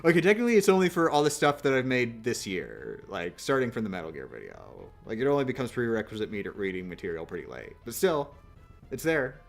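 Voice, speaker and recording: A man's voice: medium pitch, sing-song, a little fast, creaky, faint music behind. A man chatting casually on a live stream, rambling and self-mocking with lots of restarts.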